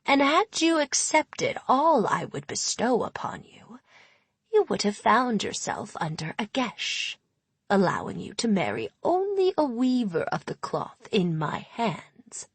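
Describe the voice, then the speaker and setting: A woman's voice: on the high side, wildly swooping pitch, a little slow, husky, no room sound, exaggerated voice. A woman voicing a purring, whispery ancient hag. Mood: grudging. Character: ancient cunning female hag, sly and menacing. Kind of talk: audiobook character voice.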